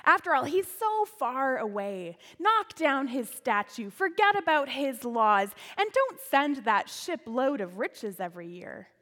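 A woman voicing a sly male spirit who tempts a governor, in a low, hushed, coaxing tone, with long church reverb. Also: sing-song, a little slow, few pauses, heavily acted.

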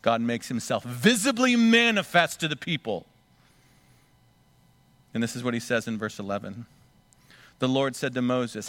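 A man's voice: medium pitch, animated, normal speed, long pauses, a bit bright, dry recording. A man preaching a sermon, acting out the scripture voices dramatically. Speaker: pastor.

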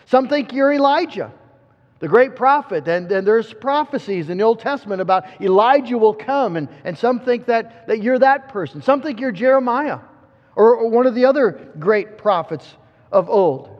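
A man delivers a sermon in a strikingly high voice, earnest and emphatic, stumbling and repeating words as he builds each point. The sound is dull and muffled. A long reverb trails his voice through a large hall. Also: expressive, normal speed. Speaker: preacher.

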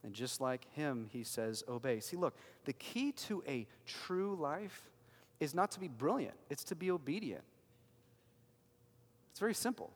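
A man preaching a sermon as a pastor, emphatic and swinging from loud declarations to hushed lines. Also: on the high side, lively intonation, measured pace, breathy edge, big-room sound.

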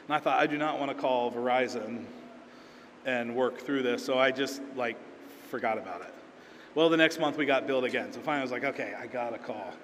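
A pastor preaching a sermon in a relaxed, storytelling way, acting out quoted lines in everyday speech. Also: male voice, medium pitch, a little hiss or hum. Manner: conversational storytelling with acted-out quotes. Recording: reverberant hall, faint ambience.

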